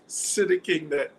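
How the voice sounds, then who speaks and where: A man's voice: fairly high pitch, a little hiss or hum, low-quality recording. A man with a Jamaican accent hosting a live stream, reading viewer comments aloud, laughing often and quizzing his viewers like a teacher. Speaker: livestream host.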